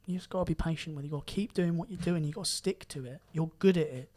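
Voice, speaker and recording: A young man telling his story in a casual podcast chat, animated and swearing now and then. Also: on the high side, fast talker. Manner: animated, rising loud when excited, swears casually. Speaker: podcast guest karate champion.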